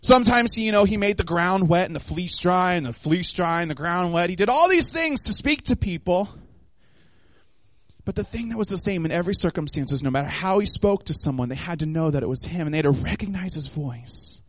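A man preaching a sermon in an animated way, acting out the voices of the people in the story. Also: sits high, brisk, no room sound. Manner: animated, acts out voices of the disciples and of God.

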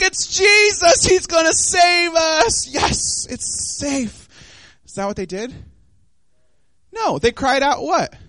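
A man with a high, very lively voice delivers a sermon, acting out the voices of the characters. The sound is dry and close, with no room around him. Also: dry recording. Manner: animated, acts out voices of the disciples and of God. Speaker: preacher.

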